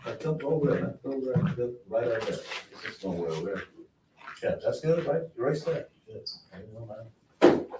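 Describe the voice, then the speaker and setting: A man's voice: mid-range voice, expressive, moderate pace, background noise. A man teaching a class at a board, repeating words and quizzing his students with questions. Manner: repetitive, question-and-answer teaching style. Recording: echoey room, voice from a distance.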